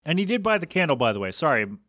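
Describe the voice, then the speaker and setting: A man on a home podcast rig talks alone to his listeners, venting in a rambling, incredulous manner. His voice sits a little high and sounds close and dry, from a small room with no window. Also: big pitch swings, racing, a bit bright, no room sound. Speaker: podcast host. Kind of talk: solo podcast monologue. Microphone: home podcast mixer setup.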